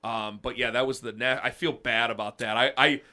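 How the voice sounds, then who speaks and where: A man in his thirties with a booming voice, chatting casually on a podcast and rambling through self-deprecating stories with many restarts. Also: flat delivery, fairly quick, bright, forceful tone. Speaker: podcast co-host. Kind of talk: casual chat.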